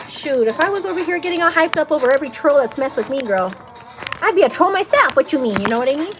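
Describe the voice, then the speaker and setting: Over soft background music, a woman with a high-pitched, lively voice chats quickly with viewers on her casual morning get-ready livestream. She teases, laughs a lot, calls everyone "girl," and then turns earnest.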